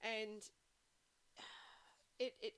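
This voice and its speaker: A woman game streamer chatting casually to her viewers and telling stories in an animated way. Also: fairly high pitch, extremely slow, clean tone. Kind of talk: casual chat. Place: home streaming setup. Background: background music.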